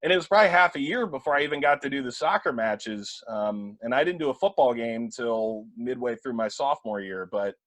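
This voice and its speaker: A man in his twenties, a play-by-play broadcaster, telling animated anecdotes in a casual interview with many fillers and restarts. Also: mid-range voice, fairly quick, hardly any pauses, no echo. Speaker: play-by-play broadcaster, podcast guest. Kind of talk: casual storytelling chat.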